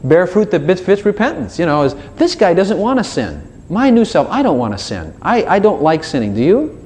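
This is an informal sermon from a man with a high, brisk voice, with a little hiss or hum in the recording. He is animated, playing out his prayers and God's responses in changing voices.

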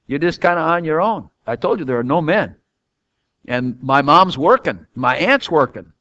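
A man's voice: mid-range voice, a little fast, a bit bright, dry recording, lo-fi sound. An older man teaching from the Bible in a rambling, folksy storytelling way, chuckling often between stories.

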